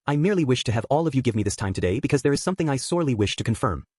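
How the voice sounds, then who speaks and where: A male narrator voicing a woman cult leader who smothers everyone in sugary apologies and politeness. Her voice is husky and brisk, recorded dry and close. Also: mid-range voice, lively intonation, a little mellow, dry recording. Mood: polite. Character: falsely polite female cult leader, unsettling.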